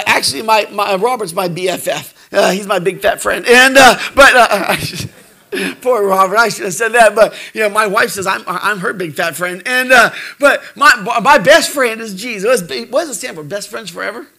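This middle-aged pastor preaches in a homespun style, joking, repeating lines, and shifting from soft asides to loud praise. His pitch sits high, his pace is moderate, and there's vocal fry in his voice.

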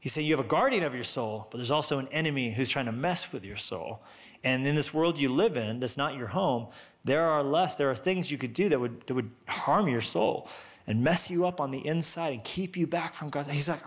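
A male pastor giving a conversational, animated sermon with loud, emphatic bursts. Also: medium pitch, normal speed.

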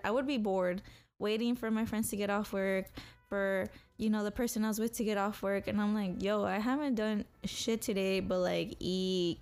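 Blunt, profane young woman podcaster. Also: mid-range voice. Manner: blunt and profane, self-motivating. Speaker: podcast co-host. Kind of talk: solo podcast monologue.

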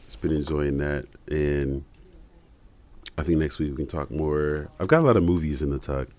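A man's voice: a bass voice, normal speed, darkish tone. A man co-hosting a podcast in casual chat, rambling and laughing often as he tells stories. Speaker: podcast co-host.

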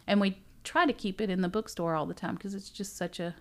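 A middle-aged woman, a bookstore owner, chatting casually as a podcast guest, animated and laughing often as she tells stories. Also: mid-range voice, a little fast. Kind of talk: casual interview chat.

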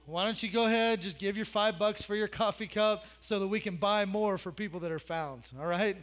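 Very high-voiced man preaching casually. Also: fairly quick, a bit bright. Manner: conversational preaching with asides and teasing humor. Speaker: pastor. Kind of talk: sermon.

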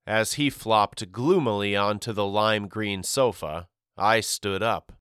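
A male audiobook narrator reads a storybook slowly, steadily and with clear articulation. His voice is low yet bright and crisp, recorded dry and close with no room echo.

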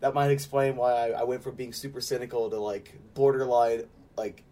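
A man's voice: mid-range voice, steady tone, moderate pace, dark tone. Guy from arizona chatting on a sports podcast, says like a lot, laughs a bunch, rambles. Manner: rambling, heavy use of "like", laughs often. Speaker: podcast co-host. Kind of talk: casual chat.

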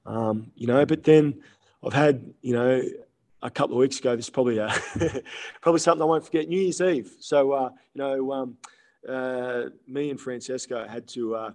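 A man's voice: medium pitch, normal speed, darkish tone. A young man with an Australian accent, chatting casually as a podcast guest, rambling with lots of fillers and restarts. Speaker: guest, male stripper.

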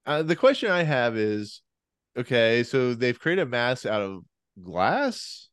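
A man's voice: mid-range voice, big pitch swings, slow, a bit bright, smooth, no echo, clean studio sound. A man co-hosting a podcast in casual chat, rambling and restarting his sentences. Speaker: podcast co-host.

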